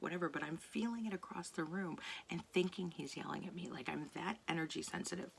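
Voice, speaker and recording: A woman talking casually to camera late at night in a soft voice that often drops to a near whisper, rambling and searching for words. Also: fairly low pitch, creaky, slightly rough. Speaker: artist vlogger. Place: home at night.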